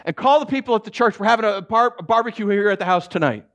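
A man's voice: high-pitched, lively intonation, fast talker, fairly bright tone, pitched above the performer's own voice. A man voicing a joyful middle-aged mother who gives eager orders in a raised voice. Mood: elated. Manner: eager and commanding.

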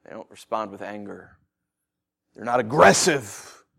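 A man preaching a sermon, asking rhetorical questions and swinging from quiet asides to loud declarations. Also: fairly low pitch, expressive, unhurried, creaky.

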